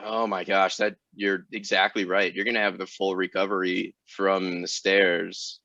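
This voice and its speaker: Gravelly, joking man on a dull line. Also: low-pitched, measured pace, dry recording. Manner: dry joking, deadpan humor. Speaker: ultrarunner guest. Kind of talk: casual joking interview.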